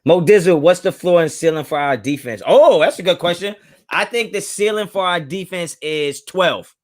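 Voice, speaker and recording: A young man, hosting a live stream and casually reading viewer chat, laid-back and slangy, laughing often and swinging his pitch up and down. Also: animated, normal speed.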